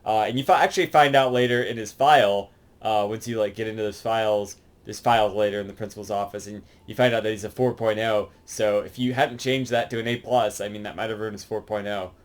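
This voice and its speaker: A man's voice: on the low side, steady tone, a little fast, rough recording. A man casually talking through a video game, rambling with lots of fillers and swearing. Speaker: game reviewer. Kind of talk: casual game review commentary.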